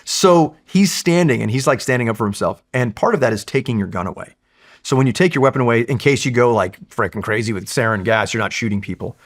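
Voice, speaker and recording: A man from California, a Marine veteran, spins stories in a casual interview in an animated, profane way. His voice sits at a middle pitch and stays easygoing and conversational. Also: fast talker.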